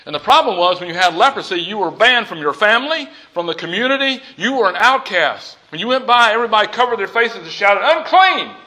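High, bright-voiced male preacher. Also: quick pace, hardly any pauses, low-quality recording. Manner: expressive, swings between loud emphasis and near-whispered lines; repeats and restarts for emphasis. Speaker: pastor. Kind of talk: sermon.

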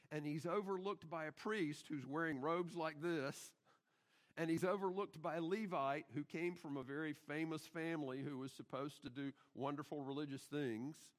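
In a church sanctuary, a middle-aged pastor whose voice sits a little high for a man preaches emphatically. He keeps turning to the congregation with rhetorical questions.

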